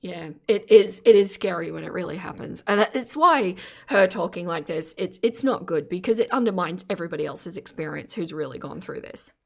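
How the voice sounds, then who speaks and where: A woman's voice: on the low side, lively intonation, brisk, creaky. Earnest woman live streamer. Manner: earnest, exclaims in sympathy while reading chat. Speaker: live streamer reading chat. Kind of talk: casual live-stream commentary. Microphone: phone camera.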